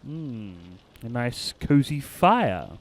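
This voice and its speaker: A man's voice: mid-range voice, very animated, drawn-out words. A man hosting a let's play, commenting casually and reading game text aloud in a theatrical storytelling way. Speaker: gaming channel host.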